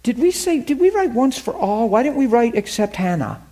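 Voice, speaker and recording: Guy preaching hard, pretty high voice, keeps asking the room stuff. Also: very animated, moderate pace, warm tone. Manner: emphatic, fervent, asks the audience questions; laughs with the audience. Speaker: preacher teaching a class. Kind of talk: sermon.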